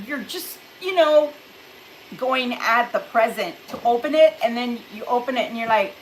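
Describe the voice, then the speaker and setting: A woman's voice: high voice, moderate pace, a bit bright, a little hiss or hum. A middle-aged woman giving a casual tarot reading to camera. She is chatty, laughs often and acts out little reactions, a little distant from the camera at home. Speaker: tarot reader.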